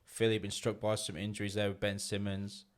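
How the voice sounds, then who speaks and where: A fairly low-voiced Australian man in a casual sports podcast. He keeps things moving in a laid-back way, bringing up each new matchup. His tone stays easygoing and conversational. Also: monotone, brisk. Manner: laid-back, steers the talk between topics. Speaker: podcast co-host.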